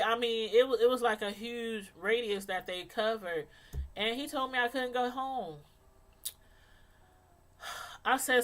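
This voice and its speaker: A middle-aged woman vlogger telling a story in a casual, animated way, laughing often and using many fillers. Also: medium pitch, moderate pace.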